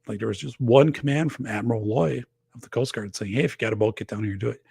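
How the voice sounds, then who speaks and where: Gravelly, husky man rambling on a stream. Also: mid-range voice, fast, darkish tone, no echo. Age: 40s or older. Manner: rambling, loose, lots of fillers. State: losing his voice. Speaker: podcast host. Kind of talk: casual livestream chat. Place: home office.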